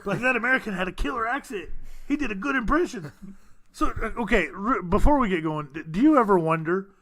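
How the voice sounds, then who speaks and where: High, bright-voiced joking podcast guy. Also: lively intonation, fast talker. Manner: rambling, joking, laughing often. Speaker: podcast co-host. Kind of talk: casual podcast banter.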